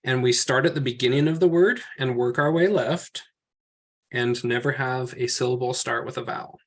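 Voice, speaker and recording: A man's voice: medium pitch, normal speed. A man teaching a class from slides, explaining each step patiently and thinking aloud as he works.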